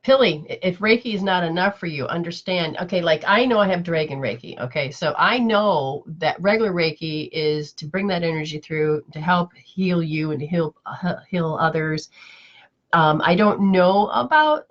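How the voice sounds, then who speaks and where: Woman with low voice, rambling and emotional. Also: normal speed, lo-fi sound. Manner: rambling, emotional storytelling with many restarts. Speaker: spiritual teacher. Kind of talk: casual live chat.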